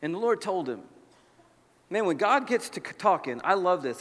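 A man preaching a sermon as pastor, emphatic, swinging from loud exclamations to hushed near-whispers. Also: high-pitched, sing-song, normal speed, big-room sound.

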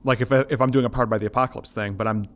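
A man co-hosting a game design podcast, posing a question in a measured, thoughtful way and listing terms as he searches for the right word. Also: medium pitch, fairly even intonation. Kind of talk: casual design discussion.

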